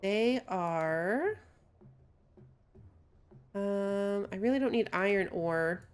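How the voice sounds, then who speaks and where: A woman streamer plays a city-building game and chats with her viewers, reading their messages aloud and laughing often. Her mid-range voice is animated, very slow, clear and resonant.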